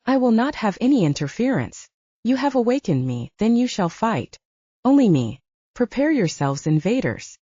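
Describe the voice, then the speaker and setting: A woman's voice: fairly high pitch, sing-song, normal speed, dark tone, husky, no echo, voice pushed up. A woman voicing an imperious ancient tree spirit that speaks in formal declarations, in an audiobook. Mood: commanding. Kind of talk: audiobook character voice. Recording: dull, dry, lo-fi.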